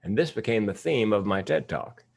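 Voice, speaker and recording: Low-voiced man giving a candid keynote. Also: big pitch swings, normal speed, vocal fry. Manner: candid, self-deprecating storytelling. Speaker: keynote speaker. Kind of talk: humorous keynote speech.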